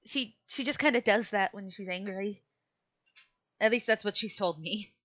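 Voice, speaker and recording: A woman playing a cautious companion who speaks slowly and hesitantly. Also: medium pitch, a bit bright, dull audio, close to an everyday voice.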